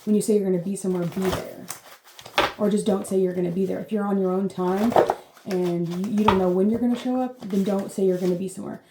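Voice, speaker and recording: This woman talks fast with a medium-pitched, fairly even voice as she hosts a meandering live reading. She's chatty, leans on fillers, and swears playfully now and then, all captured with roomy echo and a little background noise.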